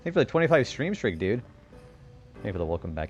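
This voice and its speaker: Brief: a laid-back young man streaming games, casual and animated, with soft background music. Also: fairly low pitch, quick pace, breathy edge, highs cut off. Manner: chatty and laid-back, greets viewers, laughs often. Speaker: game streamer. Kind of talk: casual live-stream commentary.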